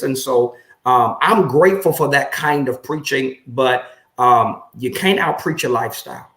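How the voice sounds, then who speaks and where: A male pastor of middle pitch tells his story earnestly and reflectively. His voice carries a noticeable room echo. He grows lively whenever he recounts past conversations. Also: measured pace. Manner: earnest, reflective, lively when retelling exchanges. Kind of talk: interview storytelling. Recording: echoey room.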